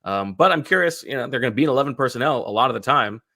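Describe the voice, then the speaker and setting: A man's voice: medium pitch, animated, sharp tone, no echo, clean studio sound. A man co-hosting a sports podcast, reading an ad and chatting about football with many fillers and restarts. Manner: halting, filler-heavy delivery. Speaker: podcast co-host. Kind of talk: casual sports chat with host-read ads.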